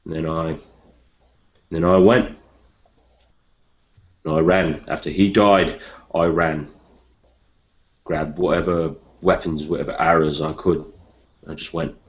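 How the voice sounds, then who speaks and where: A man playing a bitter, grieving young outcast hunter, delivering a blunt, sweary in-character monologue in a tabletop game. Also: flat delivery. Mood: wistful. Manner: brooding, blunt, sweary, low and slow. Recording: muffled lo-fi recording.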